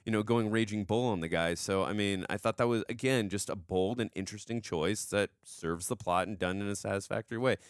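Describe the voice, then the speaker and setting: A man's voice: on the low side, brisk, hardly any pauses, smooth, no echo, clean studio sound. Enthusiastic man reviewing a TV episode. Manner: enthusiastic, repeats himself, many restarts. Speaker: show co-host reviewing TV. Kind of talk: casual reaction review chat.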